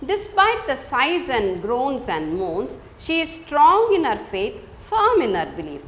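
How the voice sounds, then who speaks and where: Woman, teacher, high voice, animated pitch, repeats and stresses points. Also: unhurried. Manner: repetitive, emphatic explaining. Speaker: English teacher. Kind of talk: classroom lesson explaining a poem.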